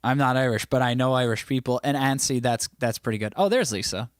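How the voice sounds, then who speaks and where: A man's voice: medium pitch, steady tone, fairly quick, dry recording. Host, male, casual stream chatter, dry close mic, slightly scratchy throat. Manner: loose, chatty, reacts to chat messages. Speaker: livestream host. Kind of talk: casual chat reading live comments.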